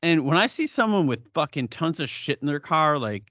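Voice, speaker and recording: A man's voice: a little high, sing-song, normal speed, fairly bright tone, no room sound, highs cut off. A middle-aged man co-hosting a podcast in casual chat, blunt and profane, often laughing. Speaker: podcast co-host.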